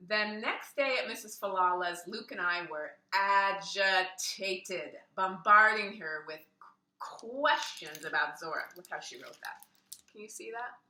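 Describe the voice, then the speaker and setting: A woman reading a children's book aloud in an expressive way, with asides, heard roomy and from a distance. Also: medium pitch, measured pace. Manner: expressive, adds asides and laughs. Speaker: reader.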